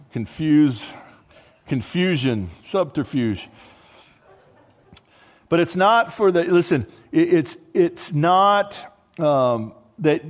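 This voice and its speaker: A male pastor preaching a sermon in a conversational way, with joking asides and restarts mid-thought. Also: on the high side. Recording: long hall reverb.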